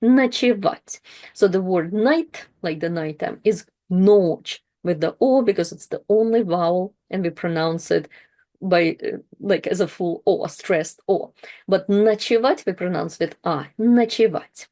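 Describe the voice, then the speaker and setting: A woman teaching a language lesson, patiently explaining verbs and repeating each word slowly for practice. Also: on the low side, warm tone.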